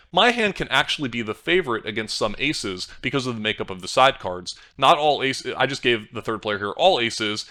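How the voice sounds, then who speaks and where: A man's voice: medium pitch, sharp tone. A man reviewing poker hands as a coach, talking through analysis on screen and thinking aloud with small restarts. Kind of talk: screen-share hand review.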